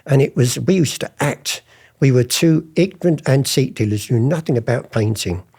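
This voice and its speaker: A man's voice: medium pitch, animated, fairly quick, gravelly, darkish tone, slightly rough. An older man, chatty in an interview, acting out old conversations as he tells his stories. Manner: chatty, acts out past conversations in different voices. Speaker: interviewee, former art forger. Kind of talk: anecdotal interview storytelling.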